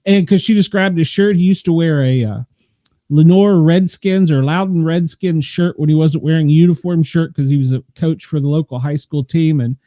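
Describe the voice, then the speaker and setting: A man's voice: on the high side, moderate pace, mellow, dry recording, studio quality. An older man hosting a chat show, telling rambling stories and laughing often. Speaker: podcast host. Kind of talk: casual chat.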